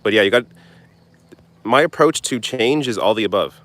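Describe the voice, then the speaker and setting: A young man with a deep, low-pitched voice reads viewer comments aloud and answers them on a live stream. He talks bluntly and casually, tossing in the odd swear. He's recording outdoors. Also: lively intonation, moderate pace, a bit bright. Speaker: political commentary host. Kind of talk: live stream Q&A reading chat.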